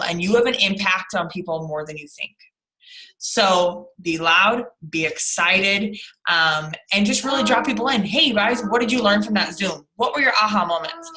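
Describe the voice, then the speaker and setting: A woman's voice: on the low side, bright, forceful tone, slight background noise, poor audio. A woman leading a team video call, upbeat and motivational, repeating phrases for emphasis. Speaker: team leader.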